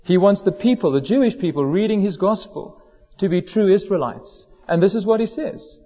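A man preaching a sermon in a church, measured and slowing down to stress key words. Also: high-pitched, animated, mellow. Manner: measured, slows down for emphasis on quoted words. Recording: dull lo-fi sound in a hall with long reverb.

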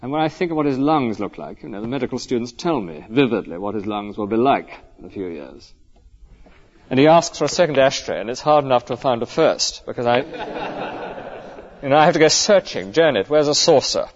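A man's voice: mid-range voice, lively intonation, a little fast, highs cut off. A male clergyman giving an earnest, conversational sermon full of rhetorical questions.

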